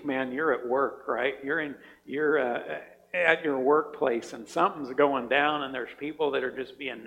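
A man's voice: a little high, creaky, fairly bright tone, in a large hall, poor audio. A man preaching a sermon in a conversational way, often repeating words and asking his listeners "right?". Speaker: pastor.

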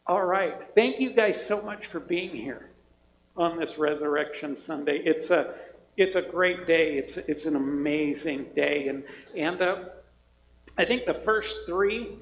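A man, a pastor, giving friendly, joking church announcements and then leading a prayer, in a church sanctuary. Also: on the high side. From Montana. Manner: friendly, joking, informal with fillers. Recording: echoey hall, dull sound.

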